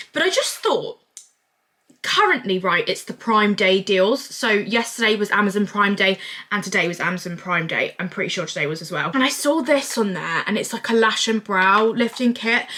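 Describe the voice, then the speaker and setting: A woman's voice: medium pitch, sharp tone. A young woman, chatting casually in a rambling vlog Q&A and drifting off topic. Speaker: vlogger.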